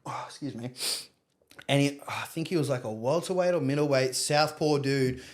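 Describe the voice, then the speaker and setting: A young Australian man, a podcast guest, telling stories in casual chat with plenty of slang and swearing. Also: medium pitch. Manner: swearing, storytelling, quick slang.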